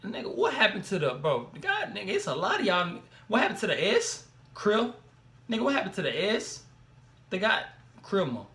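A young man comments on a track for his reaction video, talking fast and loose in slang and breaking into exclamations. His voice sits high and sounds bright and forward. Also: vocal fry. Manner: animated, slangy, exclaims and laughs between remarks.

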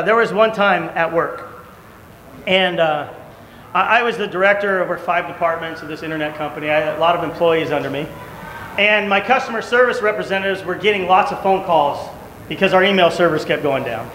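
Male preacher, bright high voice, echoey church sound. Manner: animated storytelling, shouting in acted quotes. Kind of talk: sermon. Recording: echoey church hall, faint room noise.

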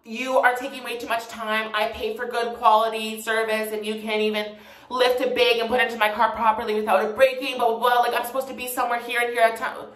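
A woman's voice: fairly high pitch, flat delivery, fast talker, fairly bright tone, natural voice. A woman mimicking a pushy lady shopper who complains and demands in a whiny, impatient rush, her voice bouncing around an echoey room. The complaints pile up as she grumbles at the staff. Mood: angry. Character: rude impatient woman customer.

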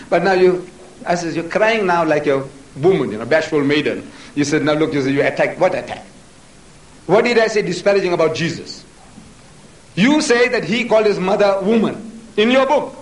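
A man answering audience questions in a public debate, talking forcefully and piling up rhetorical questions. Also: high voice. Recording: echoey hall, mic far off.

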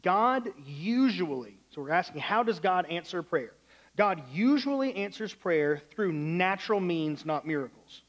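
A man's voice: high-pitched, animated, moderate pace, muffled recording. A male pastor preaching a sermon in a church, loose and conversational, acting out the voices in his stories.

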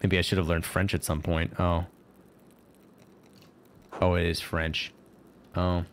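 A man's voice: low voice, level tone, slow, pauses often, slight background noise. A young man doing gameplay commentary, crude and sarcastic with muttered asides. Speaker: let's play host.

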